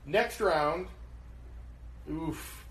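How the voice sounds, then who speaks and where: A man's voice: a little high, extremely slow. A man hosting a podcast in casual chat, moderating the rounds of a bracket. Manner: moderating, keeps things moving, mild. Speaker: podcast host running the bracket. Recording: roomy echo with faint room noise.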